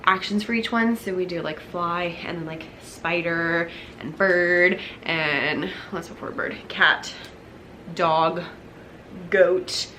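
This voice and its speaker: A young elementary music teacher talks slowly through her lessons in a fairly low, pushed and bright voice. She acts out exchanges with her class, whispers at times and sings short bits, and there's slight background noise.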